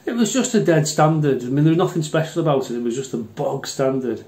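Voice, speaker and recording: A man's voice: on the high side, animated, quick pace, a little mellow. Sweary older Englishman telling army stories. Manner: blunt, sweary, rambling anecdotes. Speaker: airgun channel host. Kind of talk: casual storytelling. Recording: roomy echo.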